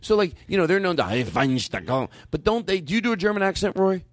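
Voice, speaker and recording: A man's voice: high voice, rapid-fire, dry recording. A man hosting a comedy show, brash and cursing in loose, stop-start banter. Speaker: comedy podcast host.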